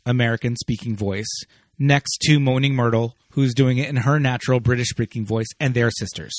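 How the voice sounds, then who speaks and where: A man's voice: mid-range voice, fairly even intonation, a little fast, darkish tone, no echo, studio quality. A man co-hosting a film podcast in loose, casual conversation, full of restarts and asides. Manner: chatty, loose, lots of restarts and "like". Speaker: podcast co-host.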